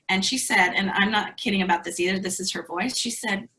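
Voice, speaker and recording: Brief: woman presenter, bright and forceful tone, chatty storytelling, video-call sound. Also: mid-range voice, fairly quick, hardly any pauses, poor audio. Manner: conversational storytelling with fillers. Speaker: speaker at an educators' webinar. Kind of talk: online presentation.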